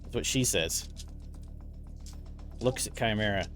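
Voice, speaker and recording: A man runs a tabletop role-playing game, describing each scene in vivid, casual terms. His voice sits on the low side. Faint music plays beneath him. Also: animated, a little fast, a bit bright. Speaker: game master.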